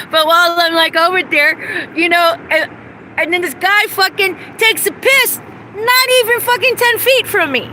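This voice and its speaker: A woman with a high, sharply bright voice delivers a ranting vlog monologue outdoors. She is angry, profane and accusatory throughout, with faint traffic noise behind her. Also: slow. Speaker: vlogger.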